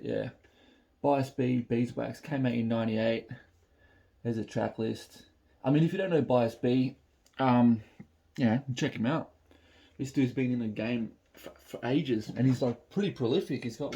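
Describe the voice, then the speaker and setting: A Melbourne man with an Australian accent hosts a reaction video, rambling casually with lots of fillers as he responds to music. Recorded on a phone, his medium-pitched voice is mellow with vocal fry.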